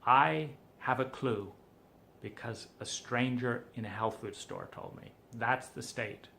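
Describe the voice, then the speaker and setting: A man speaking in a gravelly, fry-laden voice that is pushed and tense. He gives personal testimony for a documentary, sounding frustrated, urgent and pleading as he talks. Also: mid-range voice, a little slow, sharp tone, a little hiss or hum. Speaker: documentary subject.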